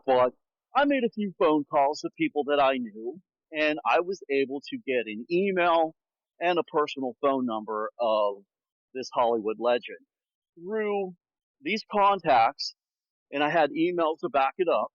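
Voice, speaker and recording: A man's voice: medium pitch, no room sound. A male podcast host speaks candidly while walking outdoors, a little short of breath. His voice sits in a middle range. It comes through a dry, somewhat dull lo-fi recording. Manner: candid storytelling, frank about bad guests. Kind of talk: casual chat. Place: outdoors on a walk.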